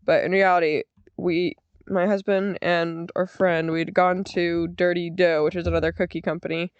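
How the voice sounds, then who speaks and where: A young woman with an American accent hosting a podcast, casually telling a story, laughing often and doing the other people's lines in a higher voice. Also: little pitch movement, moderate pace, clear, resonant tone, no room sound, dull audio. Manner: giggly, acts out quotes in a higher voice. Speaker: podcast host.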